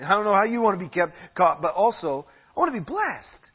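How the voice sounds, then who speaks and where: A man preaches with lively, swooping emphasis and a high, slightly husky voice. He stretches key phrases slowly for weight. The church recording sounds dull and lo-fi. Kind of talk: sermon. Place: church hall.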